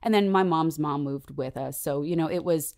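A woman from San Diego, a guest actor talking in a casual conversation, earnest and reflective with animated asides. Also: sits low, moderate pace. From San Diego, USA.

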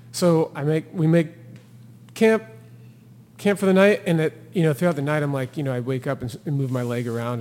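A podcast guest who's a thru-hiker tells an emotional trail story in a slightly high voice during a relaxed interview. Lively and laughing, he acts out the quotes, and the sound is that of a big room.

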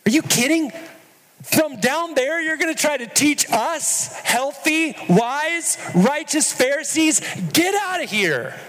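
A man's voice: extremely high pitch, expressive, takes it slowly, fairly bright tone, in a large hall, pitched above the performer's own voice, heavily acted. A man voicing a scornful, arrogant Pharisee who mocks and looks down on others. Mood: sneering. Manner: mocking, contemptuous.

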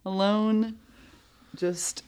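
A woman telling a story in a casual chat, animated and laughing often, acting out what people said. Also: mid-range voice, extremely slow, clean tone.

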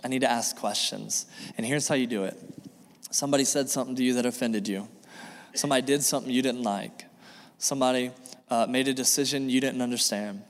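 A male pastor giving an earnest sermon, repeating key phrases and acting out bits of dialogue. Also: medium pitch. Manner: earnest, repetitive preaching with acted dialogue. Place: church sanctuary. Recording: long reverb of a church hall.

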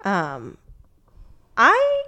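A woman co-hosting a casual chat, gushing and animated, swearing freely. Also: medium pitch, very slow, highs cut off, slight background noise.

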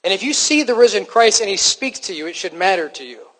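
A man's voice: sits high, expressive, fast, a bit bright, long reverb tail, rough recording. A man preaching a sermon to his congregation in a conversational, self-deprecating way, often restarting his sentences. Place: church hall.

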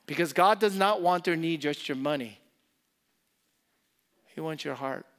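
Speaking a little slowly in a somewhat high voice, a man preaches as pastor with real fervor. He circles back to key phrases, moving from booming emphasis to gentle, intimate asides.

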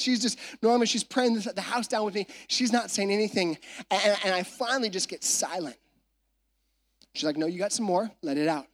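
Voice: mid-range voice, fairly bright tone. Conversational preacher telling a story. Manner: conversational storytelling with frequent asides to the audience. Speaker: pastor. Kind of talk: sermon. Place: church stage.

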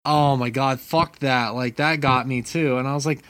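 A man co-hosting a casual gaming podcast from his apartment, telling stories with lively swearing and restarts. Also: medium pitch, moderate pace, clear, resonant tone, no room sound. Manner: animated storytelling, frequent swearing. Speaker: podcast co-host. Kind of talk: casual chat.

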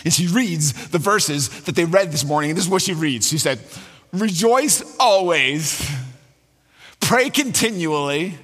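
A man's voice: on the high side, a little fast, hardly any pauses, fairly bright tone, husky, in a large hall. A man preaching a sermon as a pastor, telling a story with fillers and restarts.

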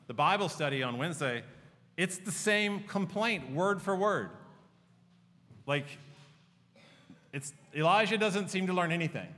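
A male pastor delivers an earnest, conversational sermon, slipping personal stories into it. His voice sits fairly high with a bright, forceful edge. It rings out with the long reverb of a large church hall.

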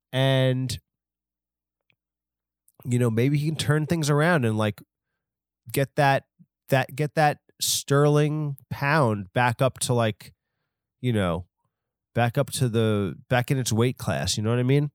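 A man's voice: mid-range voice, no echo, clean studio sound. A man hosting a podcast, rambling through an off-the-cuff comedic story and mocking himself as he goes. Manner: self-deprecating, rambling, off the cuff. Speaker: podcast host.

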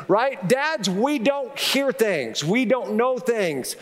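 Brief: male pastor, fairly high voice, casual, joking delivery, long hall reverb. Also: expressive, slow, hardly any pauses, a bit bright. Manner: conversational, repetitive restarts, humorous asides. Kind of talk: sermon.

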